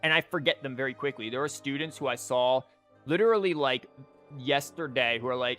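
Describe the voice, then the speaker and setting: A man's voice: medium pitch, fairly quick, fairly bright tone. A man chatting casually on a live stream as he thinks aloud, rambling and packing his talk with "like" and restarts. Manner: rambling, filler-heavy, full of "like" and restarts. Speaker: streamer and teacher. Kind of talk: casual live-stream chat while theorycrafting. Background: faint music.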